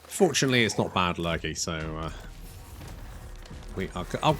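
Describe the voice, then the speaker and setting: Lively man playing a game. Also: deep voice, normal speed, long pauses, soft background music. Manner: chatty, wry, swears freely, talks to units. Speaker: gaming channel host. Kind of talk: casual strategy game commentary.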